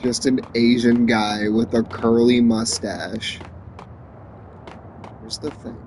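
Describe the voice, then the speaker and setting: A man streaming a game, rambling and joking in casual chat and often trailing off quietly. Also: mid-range voice, flat delivery, takes it slowly, a little hiss or hum.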